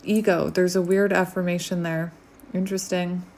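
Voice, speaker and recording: A woman giving a casual tarot reading, rambling and chatty with many fillers, sometimes dropping to a soft near-whisper. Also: lowish voice, level tone, normal speed, a little hiss or hum. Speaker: tarot reader. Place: home, outdoors light fading.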